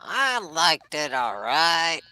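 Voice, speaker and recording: Cheeky Southern ventriloquist puppet: high and bright, sassy backtalk. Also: male voice, very animated, full character voice. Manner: cheeky, quick comebacks. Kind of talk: ventriloquist comedy bit.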